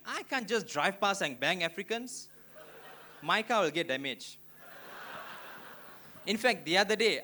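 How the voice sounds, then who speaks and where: A young man from Malaysia with a Malaysian English accent, doing an animated stand-up routine in front of a live audience. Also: fairly high pitch, slight background noise. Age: young adult. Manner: animated, punchy storytelling. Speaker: stand-up comedian. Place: auditorium stage before a live audience.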